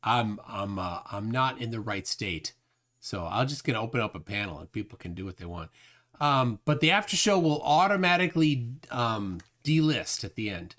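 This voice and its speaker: A man's voice: mid-range voice, very animated, normal speed, a bit bright. A man hosting a casual livestream, reading viewer comments aloud and rambling with lots of fillers. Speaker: livestream host reading chat.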